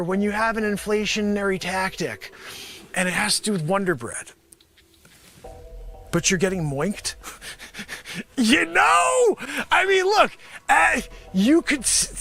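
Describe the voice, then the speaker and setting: A man improvising a comedy sketch as a brash, sarcastic pitchman. He rambles through a mock pitch, drops mumbled asides and then bursts into shouting. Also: vocal fry. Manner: swings between mumbled asides and sudden shouted outbursts. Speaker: comedy show host pitching a mock product.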